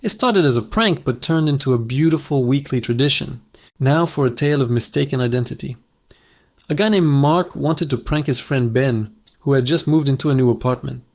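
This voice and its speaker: A man narrates funny stories for his channel in an upbeat, chatty way. His voice sits at an ordinary middle pitch, and the telling sounds scripted but relaxed. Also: brisk. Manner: upbeat, conversational storyteller. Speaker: channel host.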